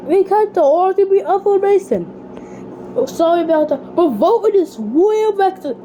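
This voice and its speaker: Very high-voiced, excitable woman host. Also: moderate pace, a little hiss or hum, poor audio. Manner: excitable and dramatic, with sudden outbursts.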